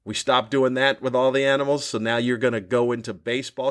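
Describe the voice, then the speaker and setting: A comedian hosts his own podcast and launches into a cranky, profane comedy monologue, peppered with exasperated, mocking questions. His mid-range voice is steady and fairly bright, and he speaks briskly.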